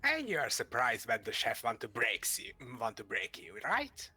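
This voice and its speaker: Male player, very animated delivery, bright and husky, teasing. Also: mid-range voice, normal speed, soft background music. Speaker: tabletop game player. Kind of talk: casual tabletop game chat.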